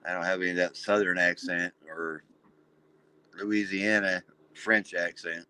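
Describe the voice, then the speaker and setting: A man's voice: deep voice, fairly even intonation, measured pace, bright, forceful tone, clear, resonant tone, low-quality recording. A man with a West Coast American accent, teasing and joking with the host during a casual livestream chat. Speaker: regular guest.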